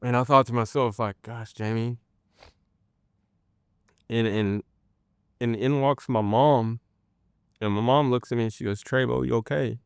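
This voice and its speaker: A man telling his personal faith testimony in an interview, earnest and halting, with many pauses and restarts. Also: medium pitch, clear, resonant tone, dry recording, clean studio sound. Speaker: guest sharing a personal testimony.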